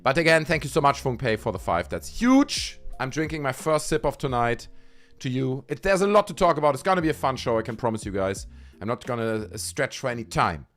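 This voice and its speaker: Animated German-accented man hosting a stream. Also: medium pitch, brisk, faint music behind. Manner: animated, theatrical showman, playful. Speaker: livestream host. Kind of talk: hyped live-stream chat.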